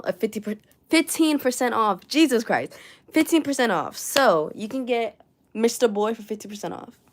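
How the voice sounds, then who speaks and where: Young woman with a New York accent, a rambling, swearing livestream host, pitched a bit high. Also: a bit bright. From New York City. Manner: chatty and rambling, swears, reads viewer comments aloud. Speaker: crochet livestreamer. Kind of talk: casual livestream chat. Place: her room at home.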